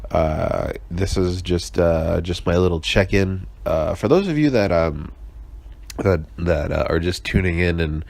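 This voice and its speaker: A man's voice: sits low, measured pace, gravelly, darkish tone. A young man hosting his own casual podcast, hungover, sarcastic, rambling and swearing constantly with lots of fillers and restarts. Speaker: podcast host. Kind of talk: casual solo podcast check-in.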